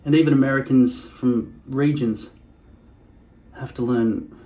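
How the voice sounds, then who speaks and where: A man's voice: mid-range voice, fairly even intonation, unhurried, mellow. A man with an Australian city accent, hosting a hairpiece vlog in a rambling, wry, self-deprecating way. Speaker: hairpiece channel host. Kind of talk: casual vlog monologue.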